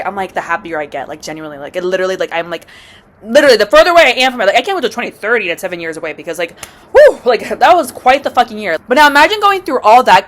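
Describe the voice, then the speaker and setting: A woman vlogger tells a dramatic storytime rant, swearing constantly and swinging between loud outbursts and low mutters.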